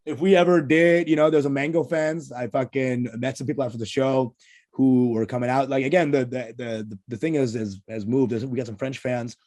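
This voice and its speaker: A man's voice: medium pitch, fairly even intonation, fairly quick, darkish tone. A male comedian co-hosting a podcast in casual chat, riffing and swearing often between laughs, heard over a video call. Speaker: co-host, stand-up comedian.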